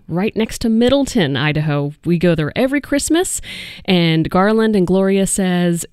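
A woman's voice: lowish voice, a little mellow, no room sound, clean studio sound. A woman hosting a radio fundraiser, thanking listeners in a friendly, chatty way. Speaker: radio host. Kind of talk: casual on-air fundraising talk.

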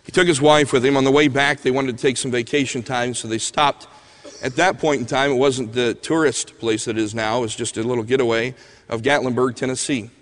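A man's voice: medium pitch, fairly even intonation, brisk. A man preaching a sermon, telling stories in an earnest way. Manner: earnest, storytelling, soft pleading prayer passages. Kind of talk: sermon with storytelling. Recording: long hall reverb.

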